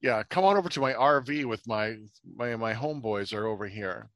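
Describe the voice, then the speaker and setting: A man co-hosting a casual podcast, riffing with quick wisecracks. His voice sits at an average pitch, with a dry, close sound. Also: fairly bright tone, no echo. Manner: joking, adds wisecracks and short agreements. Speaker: podcast co-host. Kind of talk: casual movie-review chat.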